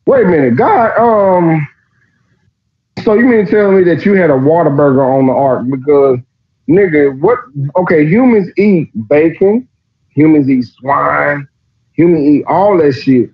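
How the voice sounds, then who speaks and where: A man's voice: a little high, expressive, measured pace, breathy edge. A man, podcast host, reading scripture aloud and mocking it in a casual, profane way. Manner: profane, mocking, reads passages aloud then riffs. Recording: dull lo-fi recording.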